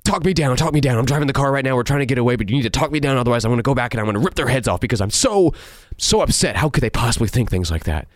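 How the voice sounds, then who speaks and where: A man's voice: medium pitch, lively intonation, very fast, no echo, clean studio sound, voice pushed up, natural voice. A man mockingly voicing a melodramatic, brooding young male vampire who pleads in an overwrought, raised voice.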